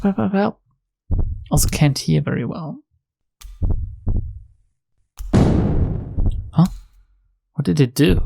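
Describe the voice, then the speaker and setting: Woman doing a scared young detective heroine; low, gravelly, stammering, panicky. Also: warm tone, a little hiss or hum, exaggerated voice. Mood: tense. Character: frightened young woman detective trapped with a monster. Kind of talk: reading a visual novel's lines aloud.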